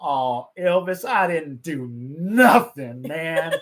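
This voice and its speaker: Man playing a timid pleading sidekick, slow and soft. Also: fairly high pitch, expressive. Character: meek, nervous male sidekick.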